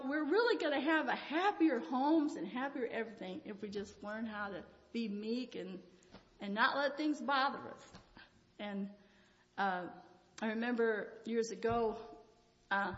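An older woman giving an informal Christian devotional talk, telling rambling, folksy personal stories with frequent chuckles. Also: medium pitch. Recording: reverberant hall, dull lo-fi sound.

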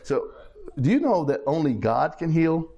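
Male preacher, higher-pitched voice, conversational sermon delivery with repeated phrases and check-ins to the congregation. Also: very animated, moderate pace, vocal fry, dark tone, breathy edge, dull audio. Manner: repeats and restarts phrases while building a point.

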